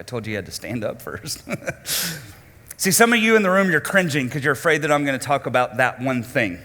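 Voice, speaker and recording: A male lead pastor preaching a sermon to his congregation, dramatic, swinging between loud emphasis and hushed lows and putting direct questions to the room. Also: animated, a little fast, long reverb tail. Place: church auditorium.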